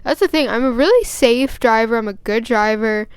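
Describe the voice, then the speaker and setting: A woman's voice: a little high, expressive, moderate pace, clean tone, no echo. A young woman vlogger telling a story and ranting in a chatty, rambling way with lots of fillers. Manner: grows agitated and emphatic. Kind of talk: casual storytime rant.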